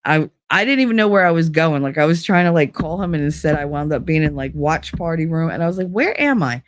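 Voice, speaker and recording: A woman's voice: low-pitched, fast, dry recording, clean studio sound. A woman live streamer in casual chat, rambling from one story to the next, giggling and swearing freely.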